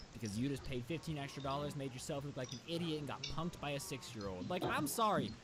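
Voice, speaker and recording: High-voiced man telling a sarcastic story. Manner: animated, sarcastic. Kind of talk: storytime narration. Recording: noisy background hiss.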